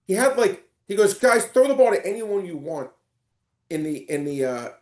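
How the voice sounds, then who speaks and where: A man on a casual sports podcast, telling animated stories with lots of stumbling restarts. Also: high-pitched, moderate pace, roomy sound. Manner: animated storyteller, stumbling restarts and excited retelling. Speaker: guest.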